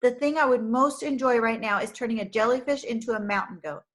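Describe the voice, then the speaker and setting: A kind, cheerful male shepherd, gentle yet strong, speaking with easy confidence, as a woman reading a storybook puts him on. His tone stays bright and reassuring. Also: fairly high pitch, animated, moderate pace.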